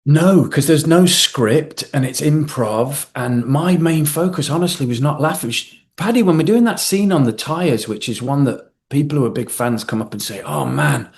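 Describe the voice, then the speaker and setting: A man, a guest actor in a casual interview, telling animated stories and acting out quotes from others. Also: fairly high pitch, moderate pace, gravelly, few pauses. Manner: animated storyteller, acts out quotes with swearing.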